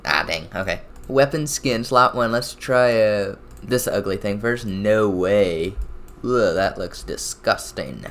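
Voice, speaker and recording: A young man casually commenting on his own shooter gameplay, excitable and quick to burst out loud. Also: lowish voice. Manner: excitable, swings to loud outbursts. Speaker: gaming channel host.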